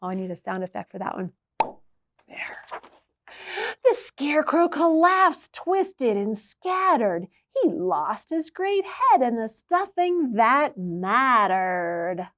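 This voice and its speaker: Her voice sits on the high side, moves slowly, and carries a little hiss or hum. She's a children's librarian reading a picture book out loud, telling it with expression and quizzing her listeners as she goes.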